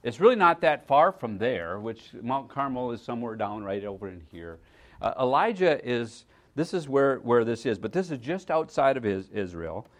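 A male pastor giving a sermon, talking conversationally and checking in with his listeners, swinging between loud emphasis and hushed asides and often repeating words as he goes. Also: medium pitch, big pitch swings, moderate pace.

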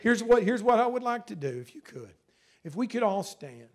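A man's voice: sits high, sing-song, moderate pace. A male pastor preaching a sermon and leading prayer, earnest, with a repetitive preaching cadence.

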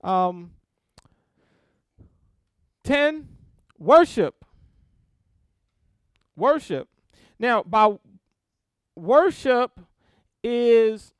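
Guy preaching casual-like, high clear voice, keeps asking okay? right?. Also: dry recording, clean studio sound. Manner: conversational, checks in with frequent "okay?" and "right?". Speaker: preacher teaching on spiritual disciplines. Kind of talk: informal sermon teaching.

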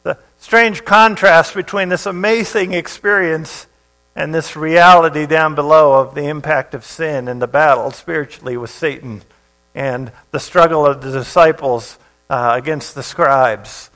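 Man, high-pitched voice, sermon, scripture reading, conversational preaching, fillers and restarts. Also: unhurried, fairly bright tone, low-quality recording. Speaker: pastor.

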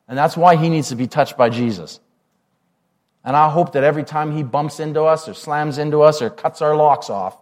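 A man's voice: on the high side, darkish tone. A man, a pastor preaching a sermon in a conversational way, often asking the congregation questions.

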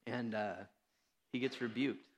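A man's voice: mid-range voice, fairly even intonation, a little slow, slight background noise. A man preaching a sermon as pastor, in a conversational way, joking at his own expense and acting out the lines of the people in his story. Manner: conversational, self-deprecating, with fillers and acted-out quotes. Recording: preached in a reverberant church hall.

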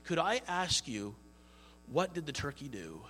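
A man's voice: on the high side, very animated, a little slow, sharp tone, in a large hall, exaggerated voice. A man voicing a foul-mouthed parrot that has turned suddenly polite and apologizes in prim, formal words. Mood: contrite, polite.

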